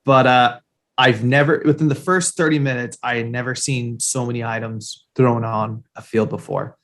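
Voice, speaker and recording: A man co-hosts a casual sports podcast, talking in a loose, rambling way. His voice sits at an ordinary middle pitch, and his talk is full of fillers and easy swearing. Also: steady tone, moderate pace. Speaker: podcast co-host.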